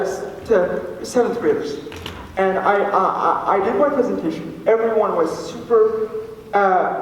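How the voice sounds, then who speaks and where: A teenage boy from Alberta, a student telling a personal story to an audience, earnest and halting with many fillers and restarts. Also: high-pitched. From Alberta, Canada. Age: teens. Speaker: student speaker. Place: large hall with an audience. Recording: echoey hall from far off, faint noise.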